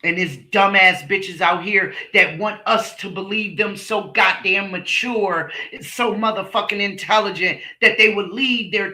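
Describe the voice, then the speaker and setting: Heated, profane woman commentator, bright voice. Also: mid-range voice, reverberant. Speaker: channel host, commentator. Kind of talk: ranting livestream commentary.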